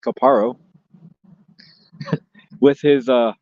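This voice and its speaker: A man's voice: mid-range voice, fairly even intonation, extremely slow, darkish tone, dry recording, highs cut off. A man hosting a livestream, chatting casually and joking as he rambles and reads out viewer comments. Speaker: livestream host.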